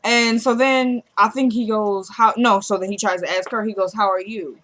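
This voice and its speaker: A woman at home vlogging a casual recap of a TV drama episode, quoting the characters' lines in a quieter voice and making loose asides to her viewers. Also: medium pitch, fairly even intonation, normal speed. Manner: retells dialogue, dropping to a quieter voice for quoted characters.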